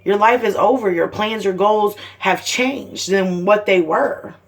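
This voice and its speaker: A woman's voice: mid-range voice, a little slow. A mother of seven ranting to the camera in a heated, blunt way, swearing constantly. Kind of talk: angry personal video rant.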